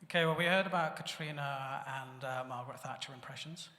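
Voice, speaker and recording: A man moderating a live panel, brisk and upbeat, reading out audience questions. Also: mid-range voice, bright, forceful tone. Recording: echoey hall, live event.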